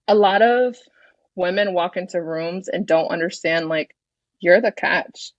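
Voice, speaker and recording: A woman's voice: fairly low pitch, unhurried, no echo, lo-fi sound. A woman in her thirties, a podcast guest, talking in a confident, frank way and swearing freely in casual chat. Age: 30s.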